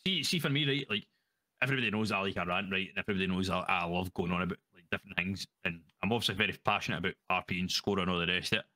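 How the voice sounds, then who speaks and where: A man's voice: low-pitched, rapid-fire, bright, forceful tone, dry recording. A Scottish man chatting as a guest in a casual interview, rambling, swearing freely and laughing often. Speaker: guest roleplayer.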